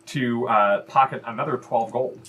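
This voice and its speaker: A man's voice: mid-range voice, moderate pace, noisy background. A man narrating as game master of a tabletop game, rambling with many fillers and restarts.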